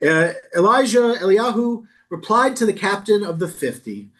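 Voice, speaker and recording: Casting: male rabbi, slightly high voice, loose and jokey while teaching scripture. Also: expressive, fairly bright tone. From New York. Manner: playful, quick asides, reads verses then riffs. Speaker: rabbi teaching a Bible study. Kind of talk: casual text study, reading aloud and joking.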